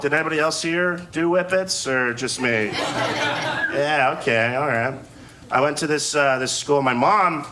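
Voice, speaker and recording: A man's voice: medium pitch, background noise. A man in his twenties from Newark doing a loose, laughing stand-up set with playful swearing. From Newark, New Jersey. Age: 20s. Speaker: stand-up comedian. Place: live comedy venue.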